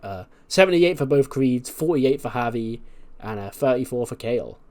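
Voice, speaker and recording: A man's voice: mid-range voice, animated, normal speed, darkish tone. Male game commentator, casual chatty recap, lots of fillers. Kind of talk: casual narration of a wrestling sim run.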